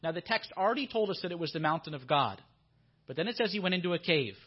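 A man preaching a sermon in a church, with a fairly high voice. He sounds earnest and often repeats his questions for emphasis. The audio is dull and lo-fi. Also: animated, quick pace, husky.

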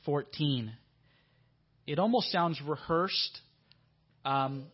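A man preaching a sermon in a church, with a fairly high voice. He sounds earnest and often repeats his questions for emphasis. The audio is dull and lo-fi.

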